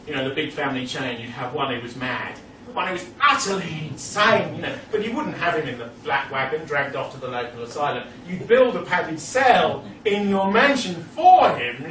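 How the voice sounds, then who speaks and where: A man giving a lecture in a rambling, digressive way, full of asides and chuckles, recorded from a distant mic in an echoey, noisy room. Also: fairly high pitch. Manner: rambling, digressive, peppered with "you know" and chuckles.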